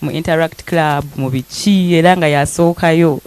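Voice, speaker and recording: A young Ugandan woman speaking emotionally at a press conference, softly switching between English and Luganda and laughing often. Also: low-pitched, animated, takes it slowly, no echo. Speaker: singer thanking guests.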